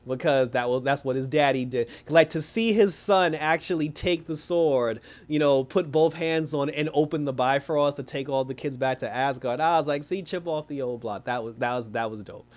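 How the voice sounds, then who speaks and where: Slangy, animated male movie reviewer. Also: mid-range voice, moderate pace, few pauses. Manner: animated, slangy, profane, retells scenes with quoted voices. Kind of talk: casual plot recap.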